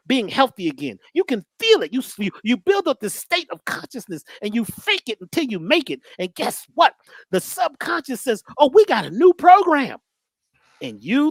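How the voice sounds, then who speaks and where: Lady preaching mindset stuff, pitch swoops all over, slangy, asks the listener questions, dry close mic. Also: fairly bright tone, no echo. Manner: rhetorical questions, repeats phrases, slangy. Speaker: guest teacher on mindset and healing. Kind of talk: preachy motivational talk.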